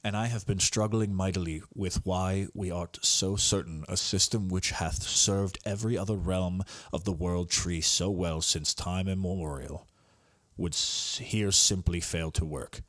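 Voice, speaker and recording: A man's voice: sits low, steady tone, unhurried, fairly bright tone, no room sound, clean studio sound. A man reading lines as a noble thunder god king who speaks in solemn, archaic phrasing.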